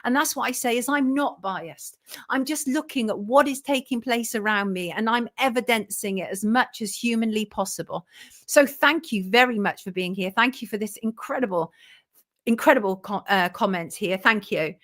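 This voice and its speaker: A woman's voice: a little high, normal speed. A woman hosting a livestream, reading viewer comments aloud and answering them bluntly. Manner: blunt and self-declared belligerent, thanking viewers warmly. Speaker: journalist and show host.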